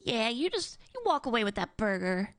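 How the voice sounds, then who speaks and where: Woman, high animated voice, incredulous, laughing often, game roleplay. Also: normal speed, dry recording. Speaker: roleplay streamer playing a medic. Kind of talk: in-character game roleplay chat.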